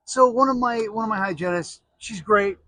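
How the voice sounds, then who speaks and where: A man's voice: high-pitched, moderate pace, pushed and bright, poor audio. A middle-aged American man telling rambling, jokey stories in a casual monologue, full of restarts and asides. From United States.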